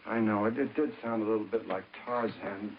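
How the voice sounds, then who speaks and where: An actor playing a recently divorced man in a film, nervous but blunt, talking quickly in a lowish voice. He comes across as awkward. The clip sounds dull and lo-fi, with faint noise. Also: steady tone, natural voice.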